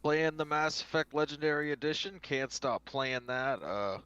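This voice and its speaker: A man's voice: fairly high pitch, normal speed, bright, forceful tone, muffled recording, a little hiss or hum. A man guest on a gaming podcast, chatting in an easygoing way. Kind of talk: casual chat.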